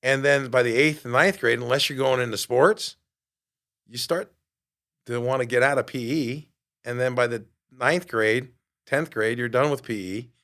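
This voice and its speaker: A middle-aged man hosts a motivational podcast at a mid-range pitch, the kind that sits right in the usual range for a man. He talks in an emphatic, preachy way, firing rhetorical questions at his listeners and swearing casually. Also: normal speed, fairly bright tone. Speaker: podcast host.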